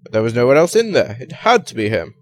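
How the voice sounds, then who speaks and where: A man's voice: medium pitch, big pitch swings, quick pace, a little hiss or hum, close to an everyday voice. A man voicing a sensible, matter-of-fact male police sidekick in a comic story.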